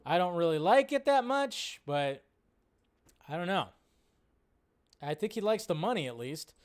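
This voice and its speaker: A man's voice: sits high, big pitch swings, a little slow. A male host of a live movie news show, chatting casually and thinking aloud with offhand restarts. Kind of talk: casual live-stream chat.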